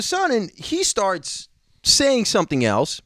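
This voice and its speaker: A man's voice: mid-range voice, very animated, brisk, a bit bright, dry recording, studio quality. A young man from Georgia telling a story in casual podcast chat, acting out quotes, swearing and laughing often. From Georgia (country). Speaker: podcast co-host.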